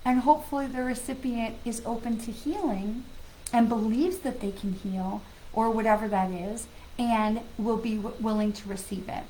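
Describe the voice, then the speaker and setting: Chatty high-voiced woman streaming live. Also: fairly even intonation, normal speed, warm tone, a little hiss or hum, rough recording. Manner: chatty and earnest, addresses viewers by name. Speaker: psychic medium hosting a live stream. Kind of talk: casual live-stream chat.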